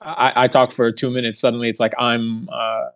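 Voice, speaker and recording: A man's voice: medium pitch, level tone, moderate pace, a bit bright. A young man telling a heated, profane story in a casual monologue, mocking the people he quotes. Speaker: podcast host.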